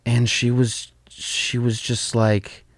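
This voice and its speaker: A man's voice: mid-range voice, flat delivery, slow pace, no room sound. A man hosting a podcast in casual chat, rambling, laughing often and swearing freely. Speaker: podcast host.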